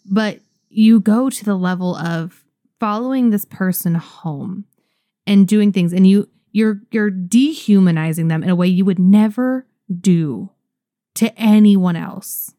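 A woman's voice: mid-range voice, unhurried, dry recording. Frank woman podcast co-host in a dry room. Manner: animated, frank and profane. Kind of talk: casual chat.

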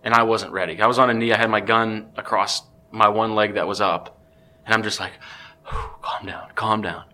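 Man, low voice, bright tense tone, excitable casual storytelling. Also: fairly quick. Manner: animated, excitable storytelling with many restarts. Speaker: podcast guest.

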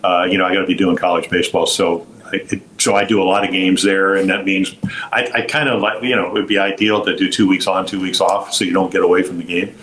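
An older man with a low voice spins long, meandering stories, stumbling through restarts and slipping into quoted voices. A faint hum of ambience sits behind him. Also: flat delivery, quick pace, fairly bright tone, poor audio. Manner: rambling anecdotes with frequent restarts and quoted voices. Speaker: guest, former pitcher and broadcaster. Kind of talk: storytelling interview.

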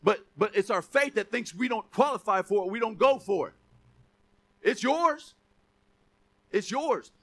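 A man's voice: sits high, animated, unhurried, long pauses. A male preacher giving a casual, conversational sermon, often asking the congregation questions.

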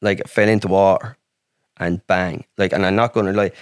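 Swearing Irish man, low dry voice. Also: steady tone, brisk, clean tone, no room sound. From Ireland. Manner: rambling, heavy swearing, frequent "like". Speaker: podcast guest. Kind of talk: casual storytelling.

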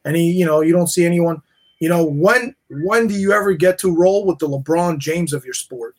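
A man's voice: a little high, moderate pace. A middle-aged man from New York, a guest on a casual podcast interview, talking in rambling bursts and often restarting with "you know". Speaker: guest, jeweler and jiu-jitsu black belt.

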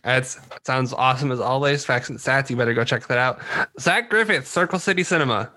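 A man's voice: mid-range voice, brisk, bright, forceful tone. A man hosting a casual podcast, easygoing as he wraps up and hands off to each guest. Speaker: podcast host.

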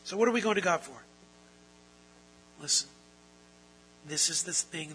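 A pastor delivering an earnest sermon in a high, piercingly bright voice. He poses rhetorical questions to the congregation and climbs into loud, forceful passages. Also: measured pace, long pauses, slight background noise, low-quality recording. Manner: earnest preaching, rising to loud emphatic stretches; asks the audience rhetorical questions. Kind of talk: expository sermon.

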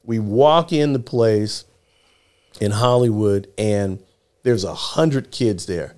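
A man's voice: on the low side, takes it slowly. A middle-aged man telling a story from his childhood in a casual chat, acting out the people in it with changing voices. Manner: animated storyteller acting out quotes in shifting voices. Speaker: guest, former child actor.

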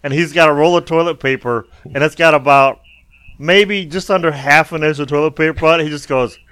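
Middle-aged male co-host, lively higher voice, dry close sound, swears freely. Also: fairly quick, clear, resonant tone, dry recording. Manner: profane, animated storyteller. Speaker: podcast co-host. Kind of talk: casual chat.

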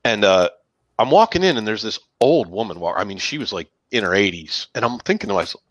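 A podcast co-host on a casual chat show spins long, rambling anecdotes loaded with "like," acting out the voices of the people involved. His voice is on the low side, fairly bright and quick, with lively intonation and no echo.

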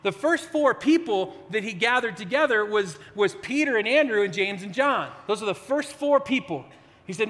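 A man's voice: very high-pitched, expressive, normal speed, fairly bright tone, in a large hall. A man preaching a sermon in a conversational, storytelling way, acting out quotes as he goes.

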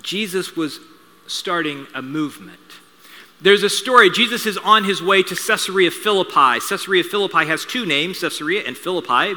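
Brief: male pastor, forceful bright tone, slightly high voice, chatty storytelling sermon. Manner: conversational storytelling with asides and humor. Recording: reverberant hall sound.

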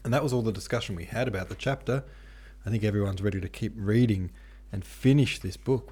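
A man's voice: lowish voice, fairly quick, breathy edge, soft background music. A man hosting a book podcast, chatting casually about a novel and then reading it aloud. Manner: relaxed, chatty. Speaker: podcast host.

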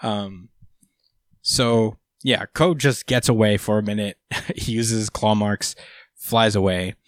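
A man's voice: fairly low pitch, steady tone, slow. A laid-back man talks through a casual recap, swearing freely and laughing often. His speech is loose and full of filler words. The recording is dry and close, with no room echo.

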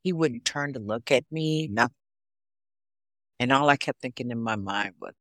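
A woman in her sixties from Chicago, a guest on a podcast. She chats in a relaxed, storytelling way, with an animated delivery. Her voice is fairly low for a woman and sounds dry and close on the mic. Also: moderate pace, pauses often, no echo. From Chicago, USA. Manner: storytelling, animated, laughs often. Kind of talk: casual interview chat.

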